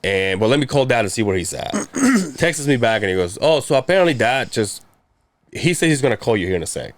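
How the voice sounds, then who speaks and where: A man's voice: medium pitch, very animated, brisk, no room sound. A man in his thirties telling a long personal story in casual chat, rambling and profane, acting out the people he quotes. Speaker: podcast guest telling a story.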